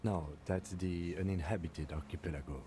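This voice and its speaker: A man voicing a reserved police lieutenant in a game, calm and matter-of-fact. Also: sits low, moderate pace, a little hiss or hum, close to an everyday voice. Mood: dry. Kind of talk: game dialogue voice acting. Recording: game audio with loud music.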